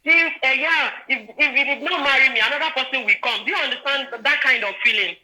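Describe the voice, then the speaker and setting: Animated young woman, Nigerian accent. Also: sits high, quick pace, low-quality recording. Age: 20s. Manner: animated, often checks in with "do you understand?". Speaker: guest sharing a personal story. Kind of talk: casual storytelling chat.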